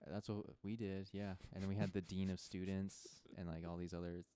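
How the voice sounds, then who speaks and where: A man's voice: low-pitched, flat delivery, brisk, warm tone, clean tone, no echo. A young man co-hosting a podcast in casual chat, laid-back, often trailing off mid-sentence. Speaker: podcast co-host.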